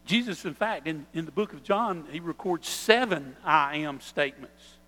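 A man preaching a sermon as pastor, earnest, slowing down and stressing key phrases. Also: fairly high pitch, expressive, pushed and bright, long reverb tail, poor audio.

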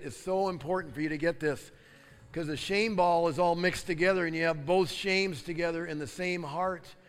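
A man preaching a sermon and leading prayer, fervent and declaring, building to loud repeated proclamations. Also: on the high side. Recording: long hall reverb with soft guitar music.

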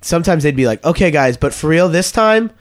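A man's voice: a little high, brisk. A young man in a studio, telling a funny story in casual chat, acting out voices and laughing often. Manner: animated, acts out voices in his stories, laughs often. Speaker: comedian guest. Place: radio studio.

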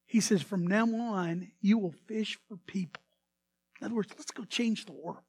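A man preaching a sermon as pastor, swinging between hushed asides and sudden loud bursts. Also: sits high, normal speed, dry recording.

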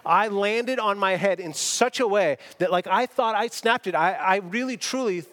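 Male pastor, preaching, emphatic, self-deprecating storyteller, slightly high voice, echoing church hall. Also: moderate pace, a bit bright. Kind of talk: sermon. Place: church sanctuary.

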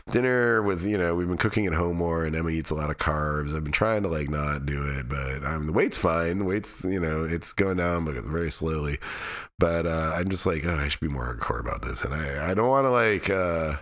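A man's voice: a bass voice, a bit bright. A middle-aged man hosting his own podcast, giving a candid, rambling weekly update full of restarts and wry asides. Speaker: podcast host. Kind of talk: casual solo update.

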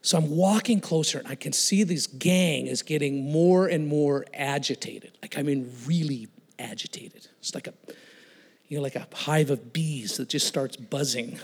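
A male guest speaker telling a personal story in a sermon, animated, laughing and acting out the voices of the people in it. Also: fairly high pitch, moderate pace, breathy edge. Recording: long reverb of a large hall.

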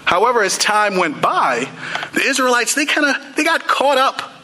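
A man's voice: very high voice, big pitch swings, normal speed, sharp tone, slight background noise, low-quality recording. A young man preaching a sermon in a casual, conversational way, full of "you know" and "like".

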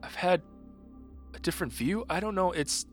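A man's voice: high voice, expressive, normal speed, faint music behind, voice pushed up. A man voicing a shaken man who feels forgotten, faltering and repeating himself before anger breaks through. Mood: distraught.

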